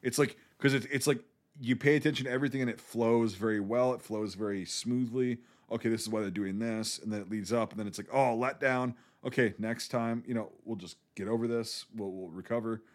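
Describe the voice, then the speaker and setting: A man's voice: medium pitch, fairly even intonation, a little fast. Cursing, emphatic man in casual chat. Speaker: podcast co-host. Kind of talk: casual film podcast chat.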